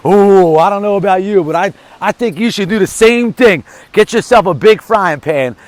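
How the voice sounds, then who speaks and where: A middle-aged man giving an energetic, emphatic motivational monologue, telling a short story in a casual vlog. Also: high-pitched, moderate pace, no room sound. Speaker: motivational vlogger.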